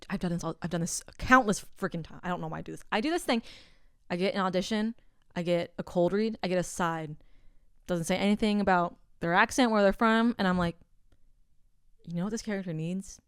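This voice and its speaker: Brief: young woman podcast co-host, clear smooth voice, close dry mic, candid and self-mocking. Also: mid-range voice, no room sound. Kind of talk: casual chat.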